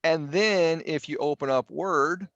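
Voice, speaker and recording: A man's voice: a little high, a little slow, fairly bright tone, no echo, highs cut off. A middle-aged man teaching a statistics class online, casual and jokey with exasperated asides and mild swearing. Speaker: statistics instructor. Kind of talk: live online class lecture.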